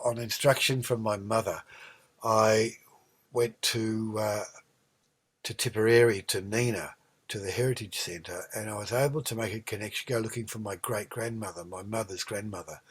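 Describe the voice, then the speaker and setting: A man's voice: lowish voice, husky. An Australian man in his sixties, a singer-songwriter guest, telling long rambling stories with many ums and restarts. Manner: warm rambling storyteller, many ums and restarts, lively when recounting. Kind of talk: relaxed storytelling conversation.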